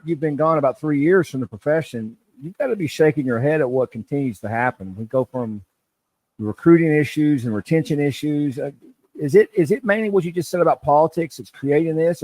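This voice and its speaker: A man's voice: on the high side, a little mellow, no echo. A man hosting a podcast, asking questions in an emphatic, conversational way. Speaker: podcast host, former officer. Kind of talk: interview questions.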